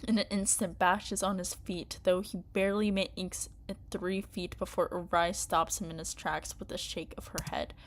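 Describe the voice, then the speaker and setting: A woman streamer reading game narration aloud and breaking off to rant loudly at the story, often laughing. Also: lowish voice, level tone, moderate pace, hardly any pauses.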